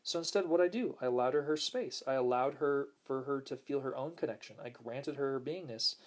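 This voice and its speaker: A man hosting a casual spiritual talk, speaking gently and smoothly, repeating words for emphasis and reading viewer comments aloud. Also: fairly quick. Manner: acts out quoted lines in a higher voice. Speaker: host.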